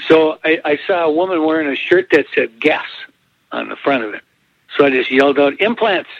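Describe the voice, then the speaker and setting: A man's voice: on the high side, brisk, no echo. A man co-hosting a casual chat show, telling corny jokes and chuckling at his own lines. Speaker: podcast co-host telling jokes. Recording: dull, lo-fi dry recording.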